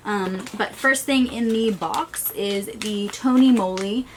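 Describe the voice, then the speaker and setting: Woman, beauty vlogger, casual unboxing chat, fast and rambling, post-migraine, mid-pitched voice, faint clicks. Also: slight background noise. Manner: chatty, rushed, trailing off. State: recovering from a migraine. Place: small stuffy room.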